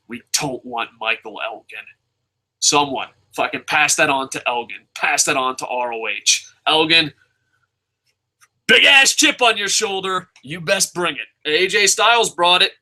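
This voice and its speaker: A man's voice: a little high, bright, forceful tone, poor audio. A man hosting a solo podcast, giving heated, profane opinions and repeating phrases for emphasis. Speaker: podcast host reviewing wrestling.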